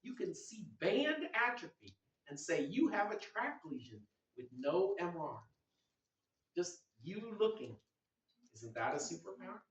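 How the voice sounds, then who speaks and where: A middle-aged man giving a lively medical lecture, teasing the audience and quizzing them. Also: high voice, a little slow. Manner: energetic, teasing, asks the audience questions. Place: large lecture hall. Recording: echoey hall recorded from a distance.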